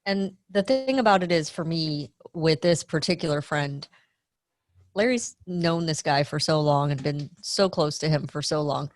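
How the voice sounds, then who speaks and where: A woman's voice: sits low, moderate pace, dry recording, clean studio sound. A woman guest on a casual podcast, frank and matter-of-fact as she explains where she draws the line. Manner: frank, sets firm limits matter-of-factly.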